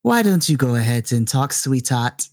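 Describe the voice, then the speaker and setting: A man voicing a sly, taunting male villain in a tabletop game, his pitch swinging up high. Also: very animated, moderate pace, darkish tone. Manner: sly, teasing, theatrical. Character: smooth, taunting male villain, scientist father.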